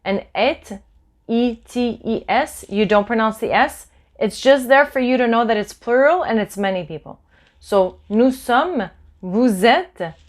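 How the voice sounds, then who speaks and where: A woman teaches a language lesson in an unhurried, deliberate way. Her voice sits a little high, and she says each phrase twice and spells words out letter by letter so learners can follow. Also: animated. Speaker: French teacher. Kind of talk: slow, clear language lesson with repetition. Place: Los Angeles.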